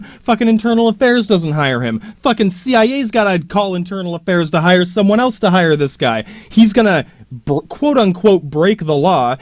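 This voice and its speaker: High-voiced, profane ranting man. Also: no room sound. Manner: profane, rambling, many restarts. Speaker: podcast host. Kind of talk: rambling podcast rant.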